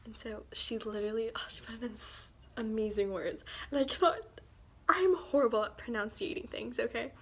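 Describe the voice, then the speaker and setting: A teenage girl student chatting casually to camera, rambling, sighing and often dropping into soft near-whispers. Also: a little high, fairly quick, slightly rough. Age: teens. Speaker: student vlogger. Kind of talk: casual chat.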